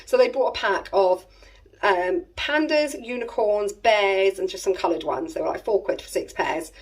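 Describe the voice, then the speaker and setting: A woman's voice: mid-range voice, normal speed, husky. A woman in her thirties with an English accent, rambling through a family story in casual chat, with exasperated asides. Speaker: family vlogger. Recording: voice a little distant from the mic.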